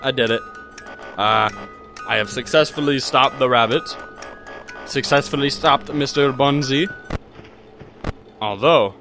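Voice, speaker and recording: Over background music, a young man with a gravelly, medium-pitched voice and a sharp tone jokes his way through a horror game at a measured pace. He pauses often, addresses the characters directly, and yelps when startled in this casual let's-play.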